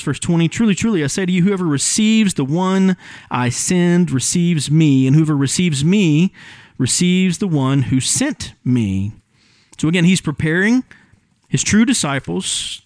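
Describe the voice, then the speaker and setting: A man's voice: fairly high pitch, no room sound. A man preaching an expository sermon in a church, explaining the text in an earnest teaching way with frequent ums. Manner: earnest teaching, explains word meanings, many fillers. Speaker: pastor. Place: church sanctuary.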